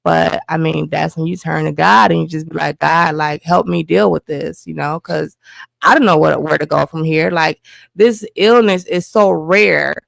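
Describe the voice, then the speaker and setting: A woman with a deep voice and vocal fry speaks at normal speed, with no echo. She's the host's wife, a guest recounting a personal story with lively quoted dialogue, voicing each person as she goes.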